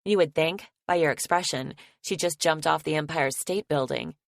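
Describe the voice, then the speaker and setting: A woman doing a gruff, possessive young man. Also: normal speed, dry recording, studio quality. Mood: tender. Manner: gruff, curses casually, drops his voice low. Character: protective, possessive young man, a rough-talking lover.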